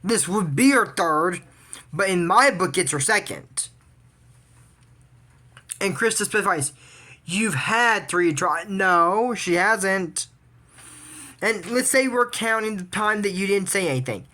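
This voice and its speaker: A woman's voice: medium pitch, expressive, slow, pauses often, pushed and bright. A woman giving a rambling, judgmental recap of a cartoon episode in casual commentary, with frequent restarts.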